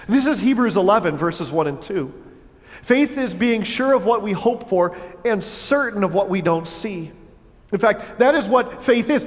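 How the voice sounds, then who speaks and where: Male pastor, very high voice, earnest sermon delivery with rhetorical questions, reverberant church hall.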